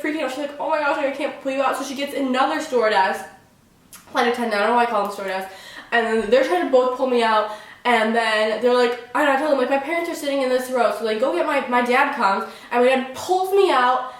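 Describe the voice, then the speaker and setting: A young woman rattles off a dramatic storytime at a fast clip, her voice sitting a little high. She piles "like" into nearly every phrase. The sound is very echoey and the mic sits some distance away. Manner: chatty, fills every phrase with "like"; excitable, dramatic retelling. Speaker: vlogger. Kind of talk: casual storytime vlog.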